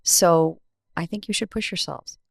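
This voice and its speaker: An American woman speaking as a podcast guest, measured and reflective in a conversational interview. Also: fairly low pitch, gravelly, no room sound, studio quality.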